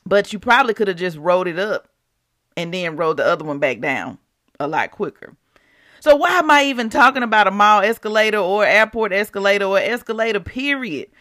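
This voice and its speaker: Lady doing a chatty faith podcast, bright voice, dry close sound. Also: medium pitch, animated, brisk, no echo. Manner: chatty, asks the listeners rhetorical questions. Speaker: devotional podcast host. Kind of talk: casual devotional talk.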